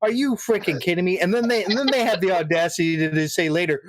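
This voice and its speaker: Male podcast co-host on a profane rant, slightly high voice, dry booth sound. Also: fast talker, hardly any pauses, no echo. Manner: ranting, profane, exasperated.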